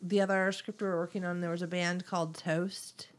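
A woman co-hosting a podcast, relaxed and rambling, laughing often between remarks. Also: lowish voice, a little fast. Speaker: podcast co-host. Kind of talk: casual chat.

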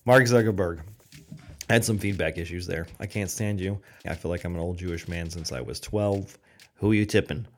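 A man's voice: deep voice, brisk. A man hosting a podcast, rambling through an irreverent, jokey comedy rant. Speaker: podcast host.

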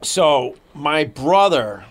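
A man's voice: fairly high pitch, lively intonation, very slow. Man telling rowdy family stories. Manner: swearing, storytelling with loud bursts of laughter. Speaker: podcast co-host. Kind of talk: casual chat.

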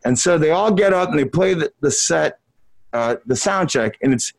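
Animated rambling storyteller man. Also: a little high, moderate pace. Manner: animated, rambling, swears, laughs often. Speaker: musician telling a tour story. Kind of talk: live storytelling to a room.

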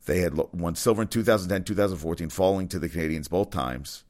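A man's voice: low-pitched, fast talker, darkish tone. A man hosting a casual opinion commentary, blunt and rambling, swearing freely. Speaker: commentary host.

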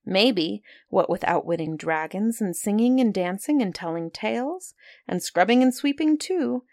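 Storyteller, woman, dry close read with no room sound, expressive fairy-tale delivery. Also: medium pitch, a little slow, dry recording. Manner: expressive read-aloud, voicing characters. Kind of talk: storybook reading.

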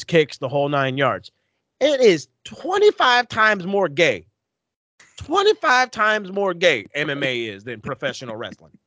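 Young guy on a podcast going off, swearing, kinda high voice, dry sound. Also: no room sound. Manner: blunt, profane, animated ranting. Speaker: podcast co-host. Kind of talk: casual chat.

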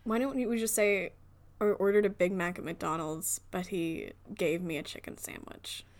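A woman's voice: lowish voice, steady tone, moderate pace. A woman with a Southern US accent, co-hosting a casual podcast chat in a playful, chatty way. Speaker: podcast co-host.

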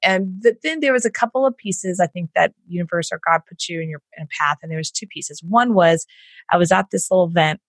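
Lively low-voiced woman. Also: a little fast, dry recording. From Southern United States. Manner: animated, acts out what others said, laughs often. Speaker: entrepreneur guest. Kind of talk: candid storytelling interview.

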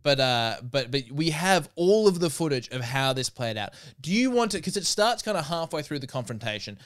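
A man hosts a casual interview, his fairly high, clear voice swinging lively up and down. He probes and recaps his guest's story, laughing easily between questions. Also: moderate pace. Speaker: podcast host.

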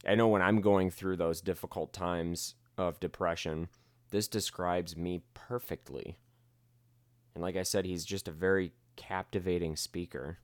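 Man, very deep voice, dry close sound, earnest commentary. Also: steady tone, unhurried, no room sound. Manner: earnest, admiring. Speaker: video commentator. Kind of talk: casual commentary.

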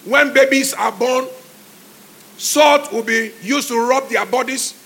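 Male pastor, high gravelly preaching voice, forceful, call-and-response sermon, faint music behind. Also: slow pace. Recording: live church sermon with music underneath.

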